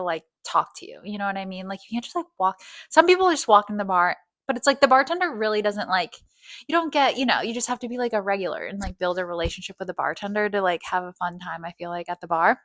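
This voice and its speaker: A woman's voice: medium pitch, a bit bright, no room sound. A woman casually telling a story, rambling with constant fillers and swearing. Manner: rambling, heavy filler "like", profane.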